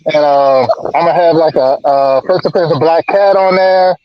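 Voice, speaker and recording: A man chatting as a guest on a livestream, rambling and halting, with many fillers and repeats. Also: a little high, fairly even intonation, no echo, dull audio. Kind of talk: casual chat.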